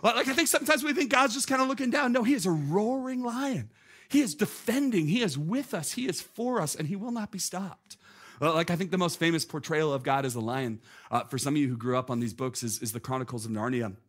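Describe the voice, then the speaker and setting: A man in his thirties preaching a sermon, telling a story with animated, emphatic delivery and repeated phrases. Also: on the high side, brisk. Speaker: pastor.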